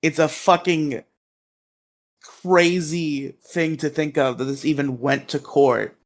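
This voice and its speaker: A man's voice: a little high, fairly even intonation, slow. A man co-hosting a podcast in casual chat, opinionated and swearing, laughing easily. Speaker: podcast co-host.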